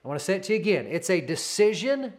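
A man's voice: high voice, sing-song, quick pace. A man in his thirties preaching a sermon as pastor, earnest, with repeated declarations.

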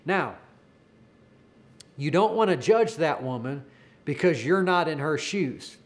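Male preacher, slightly high voice, earnest storytelling sermon with stumbling repeats. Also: animated, takes it slowly, pauses often.

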